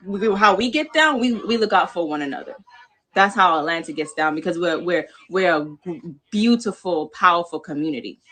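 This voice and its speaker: On a livestream panel, a New York-born woman with a Jamaican-American accent speaks with passion, emphatic and repetitive, swearing casually. Her voice sits at medium pitch, bright and forceful.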